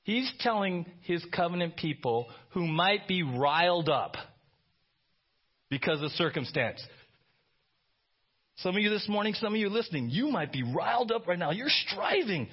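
A man preaching a conversational sermon, animated and often asking his listeners "right?". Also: sits high, moderate pace, breathy edge, lo-fi sound. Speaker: pastor.

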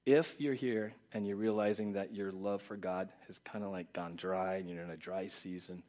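A man preaching a sermon, addressing the congregation with rhetorical questions, swinging from low, quiet stretches to high, loud ones. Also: steady tone, normal speed. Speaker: pastor.

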